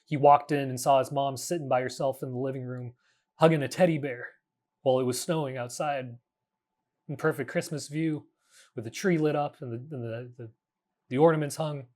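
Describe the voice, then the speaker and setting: A man in his thirties, speaking at a middle pitch, hosts a reflective solo podcast. He talks earnestly and haltingly, often restarting his sentences and dropping casual curses. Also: fairly even intonation, a little mellow. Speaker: podcast host.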